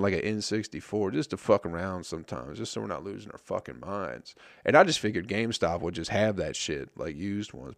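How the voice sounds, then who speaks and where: A man's voice: lowish voice, vocal fry, dry recording, studio quality. A young man hosting a podcast, rambling in casual chat with lots of swearing and wry self-mockery. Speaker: podcast host. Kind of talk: casual solo podcast rant.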